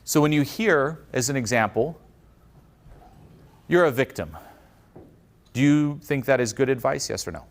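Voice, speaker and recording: Animated man giving a motivational talk. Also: mid-range voice, a little slow, long pauses. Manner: animated, acts out quoted voices. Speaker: speaker. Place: conference stage.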